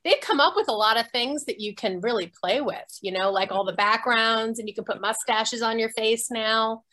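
A woman's voice: fairly high pitch, normal speed, sharp tone. A woman speaking as an actress guest on a video call, bubbly and gushing, laughing often in casual chat. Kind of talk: lively casual interview chat.

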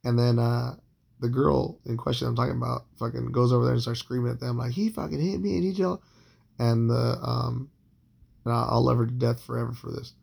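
Gravelly, husky man in his thirties rambling. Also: medium pitch, completely flat delivery, a little fast, a little mellow. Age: 30s. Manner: profane, rambling, with frequent fillers and restarts. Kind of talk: casual storytelling monologue.

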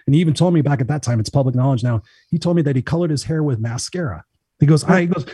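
A man telling a story in a casual chat, energetic, swearing freely and acting out what others said. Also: mid-range voice, racing, husky, no echo. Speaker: motivational speaker.

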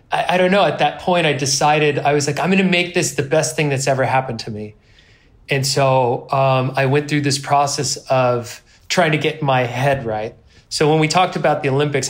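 A man in his thirties, a guest on an interview podcast, telling a personal story in a rambling, self-deprecating way with lively quoted asides. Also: fairly high pitch. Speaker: guest, pro snowboarder.

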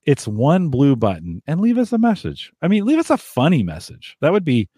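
A man's voice: on the high side, wildly swooping pitch, moderate pace, mellow, slightly rough, dry recording, clean studio sound. An American man hosting a gadget podcast in casual chat, chatty and laughing often, with many restarts. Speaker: podcast host.

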